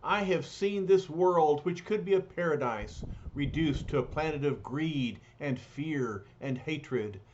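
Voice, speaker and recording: A man's voice: a little high, takes it slowly, hardly any pauses, darkish tone, slight background noise. A man voicing a noble, weary male alien hero of a comic story, speaking in solemn, formal phrases. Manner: lofty, formal, solemn speech. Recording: dull lo-fi recording.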